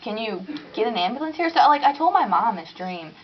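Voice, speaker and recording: A young woman telling a story in a casual vlog at home, animated and chatty, full of "like" and "dude", acting out her own panic. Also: fairly high pitch, a little fast, slightly rough, muffled recording.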